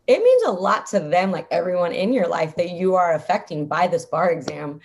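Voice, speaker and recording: Young adult woman, interview guest, slightly low voice, lively and chatty with lots of fillers. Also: brisk, creaky. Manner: upbeat, chatty, frequent "like" fillers and laughs. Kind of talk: casual interview talk.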